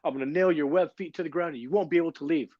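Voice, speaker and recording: A man's voice: mid-range voice, sing-song, fast talker, dry recording, lo-fi sound. A man voicing an exasperated waiter. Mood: irritated. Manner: exasperated, threatening. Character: irritated male restaurant waiter.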